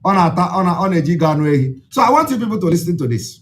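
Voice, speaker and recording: Speaking with a Nigerian accent, this Igbo man rallies his followers in a passionate, rapid-fire speech that is extremely animated. His high voice, fairly bright in tone, leaps widely in pitch, and he keeps repeating points for emphasis in an insistent, sermon-like style.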